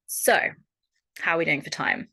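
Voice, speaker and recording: Frank Australian woman coach, lowish voice. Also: gravelly. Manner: frank and animated, swears freely. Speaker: holistic coach. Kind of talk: online workshop talk.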